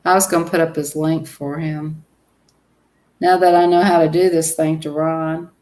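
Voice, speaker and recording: A woman's voice: low-pitched, level tone, moderate pace, a little mellow, rough recording. Southern woman host, giggly, chatty, reads out viewer comments on her stream. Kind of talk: casual live stream chat.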